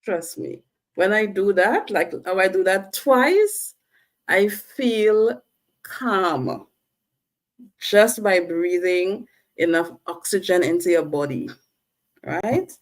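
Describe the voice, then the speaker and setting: A woman sharing her own experience on a personal vlog. Her voice sits low and her delivery is slow and deliberate. She talks straight to her viewers like a coach, regularly checking in with a quick "right?". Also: expressive. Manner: asks "all right?" and "right?" to check in. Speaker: vlogger. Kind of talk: personal talk to camera.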